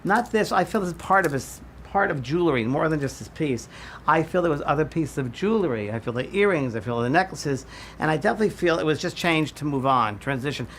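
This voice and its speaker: A man working as a psychic medium, giving a live workshop demonstration in a halting, repetitive way as he names each impression he gets. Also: a little high, lively intonation, a little hiss or hum. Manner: halting, repeats "I feel" while reading impressions. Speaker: psychic medium teaching a class.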